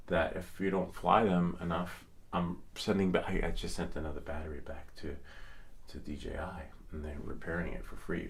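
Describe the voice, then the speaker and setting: A man's voice: deep voice, creaky, husky. A man hosting a casual livestream, answering viewer questions in a rambling way that trails off and restarts with many ums.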